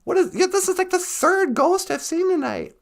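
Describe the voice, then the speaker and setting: A woman's voice: extremely high pitch, lively intonation, normal speed, vocal fry, voice pushed up, heavily acted. A woman voicing a grumpy, greedy old man who whines and exclaims in a casual comic retelling. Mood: scared.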